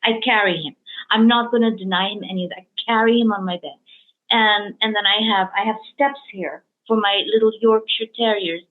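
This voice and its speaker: A woman's voice: medium pitch, fairly even intonation, brisk. Woman host on a tinny line. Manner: storytelling, emotional, many fillers and restarts. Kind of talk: casual interview chat. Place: lives in Hong Kong.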